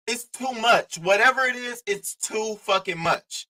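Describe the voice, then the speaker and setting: A man riffs to his live-stream chat in a bright, forward voice. He talks loose and animated, swearing freely and mocking the people he talks about. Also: extremely high pitch, normal speed, hardly any pauses, poor audio. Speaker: commentary streamer. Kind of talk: casual commentary talking to a live chat.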